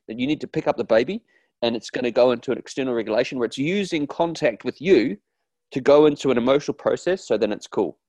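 A man talking in a casual interview about his therapy work, earnest and animated, acting out quoted voices with frequent restarts. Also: medium pitch, no echo. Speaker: therapist guest.

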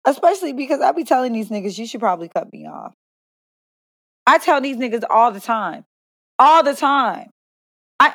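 A woman's voice: on the high side, fairly bright tone, no room sound, studio quality. Blunt, profane young woman co-host. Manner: blunt, profane and playful, laughs often. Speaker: podcast co-host. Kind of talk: casual chat.

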